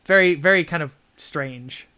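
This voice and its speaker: A man narrating as game master of a tabletop game, halting and filling pauses with "uh" and "kind of". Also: on the high side, pushed and bright, smooth. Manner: halting, full of fillers.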